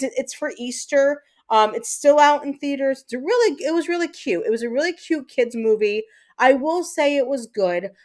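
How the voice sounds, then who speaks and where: Chatty, rambling woman livestream host. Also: on the high side. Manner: chatty, rambling, lots of fillers and swearing. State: mentally exhausted. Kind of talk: casual chat with live viewers.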